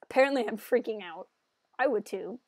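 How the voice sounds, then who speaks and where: A woman's voice: fairly high pitch, fairly quick, slight background noise. A woman live-streaming a game, chatting casually and self-mockingly with her viewers and laughing often.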